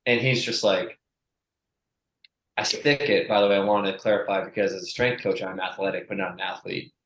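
A young adult man, a strength coach, telling a profane, animated story in casual chat and acting out the people he quotes. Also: fairly low pitch, brisk, roomy sound, poor audio.

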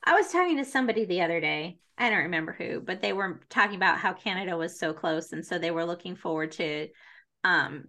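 A woman hosts a casual book podcast in a very bright, clear voice. She is chatty and enthusiastic, and laughs easily as she talks. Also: on the low side, animated, quick pace. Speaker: podcast host.

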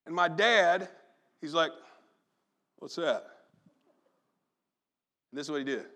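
A man preaching a sermon, telling a personal story with animated storytelling and acting out family members' voices. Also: on the high side, a little fast. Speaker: pastor.

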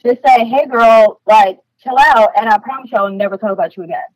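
A woman from New York, a podcast guest, telling stories in casual chat, blunt and animated with lots of "like" fillers. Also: fairly high pitch, fairly quick, no echo, rough recording.

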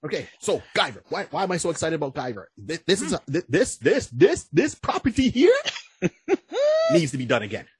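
Excitable husky man on a podcast. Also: a little high, a little fast, no room sound. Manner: excitable, stammering restarts, whoops. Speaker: podcast co-host. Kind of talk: casual podcast chat.

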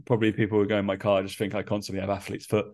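A man's voice: on the low side, completely flat delivery, racing, a little mellow. A young man co-hosting a podcast in loose, chatty banter, swearing and laughing often. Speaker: podcast co-host.

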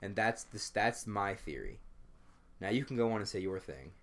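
A man's voice: on the low side, animated, moderate pace, a bit bright. A man co-hosting a casual podcast at a friend's house, joking and spinning a playful conspiracy theory. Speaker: podcast co-host. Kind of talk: casual chat.

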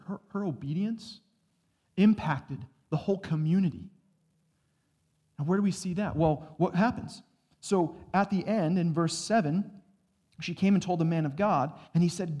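A man's voice: a little high, darkish tone. A man preaching a sermon in a church, conversational, acting out short bits of dialogue as he goes. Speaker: pastor. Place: church sanctuary. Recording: long hall reverb.

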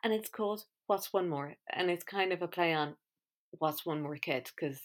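A woman's voice: on the low side, moderate pace. A woman hosting a podcast in a chatty, wry, self-mocking monologue. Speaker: podcast host. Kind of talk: casual monologue.

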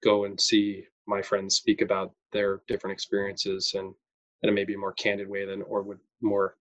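A man's voice: low-pitched, fairly bright tone, dry recording, low-quality recording. A man from Wisconsin, a guest on a podcast, speaking earnestly with loose fillers. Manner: earnest, loose with "you know" and "like". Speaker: guest, recent MBA graduate. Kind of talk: conversational interview.

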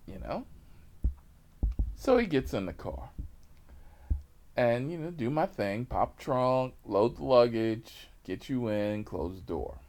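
A man working as a rideshare driver, telling a story in an animated, slangy, casual way. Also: mid-range voice, a little hiss or hum.

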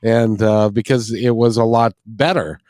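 A man's voice: on the low side, fairly even intonation, a little slow, a little mellow, dry recording, studio quality. A man hosting a casual interview, hesitant with frequent restarts and fillers.

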